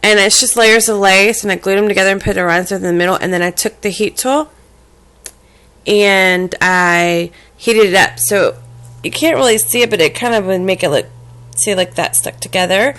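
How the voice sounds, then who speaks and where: A woman casually showing a handmade craft box and mini album to the camera, halting often with fillers and restarts and apologizing as she handles things. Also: mid-range voice, a bit bright. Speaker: crafting vlogger. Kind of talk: casual show-and-tell craft demo.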